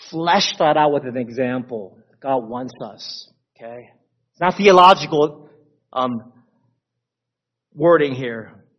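Slow, conversational male preacher. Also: medium pitch. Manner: conversational, asks the congregation "okay?", repeats key phrases. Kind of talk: sermon. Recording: dull lo-fi recording.

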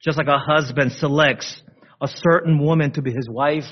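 A man's voice: on the high side, steady tone, normal speed. A male preacher giving a conversational sermon, repeating key phrases and checking in with the congregation, on a dull lo-fi recording.

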